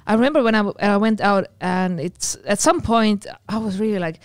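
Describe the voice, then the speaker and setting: A woman's voice: medium pitch, brisk, dry recording, studio quality. A young woman from Estonia with an Estonian accent, chatting casually as a podcast guest, rambling with lots of restarts and fillers. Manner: rambling, full of "like" and restarts, laughs often. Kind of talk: casual chat.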